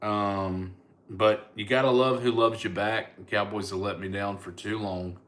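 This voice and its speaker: A man's voice: on the low side, fairly even intonation, unhurried, fairly bright tone. A joking man from Alabama with a Southern accent, chatting casually on a live stream and answering comments. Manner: joking, laid-back, teasing. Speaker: comedian and online host.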